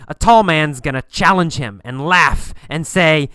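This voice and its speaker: A man teaching English in a recorded lesson, speaking slowly and deliberately and repeating phrases for learners. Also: on the high side, animated, fairly bright tone, no echo.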